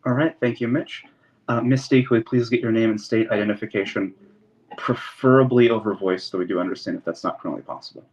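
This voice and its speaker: A man's voice: on the low side, fast talker, a little mellow. A man from Indiana chairing an online committee meeting, calling on members politely and procedurally with frequent ums. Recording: dull lo-fi call audio with faint hiss.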